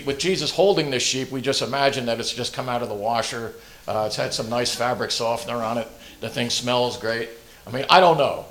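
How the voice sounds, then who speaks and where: A man preaching a relaxed, conversational sermon, halting often with fillers and self-deprecating jokes. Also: mid-range voice.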